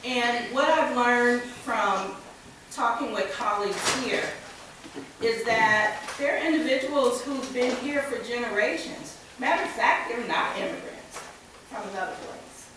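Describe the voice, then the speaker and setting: An American woman with a slight cold delivers a keynote in a slow, deliberate way, her voice pitched a little high. She is recorded from a distance in a very echoey hall. A faint noise runs underneath. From United States. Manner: measured, deliberate delivery with light humor. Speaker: conference speaker. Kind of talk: conference keynote address.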